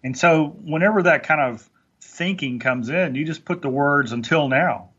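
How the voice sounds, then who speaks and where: A man's voice: on the high side, normal speed, fairly bright tone, husky, highs cut off. A man talking earnestly on a motivational podcast, stumbling into restarts as he makes his points. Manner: earnest, preachy, with many restarts. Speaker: podcast guest speaker.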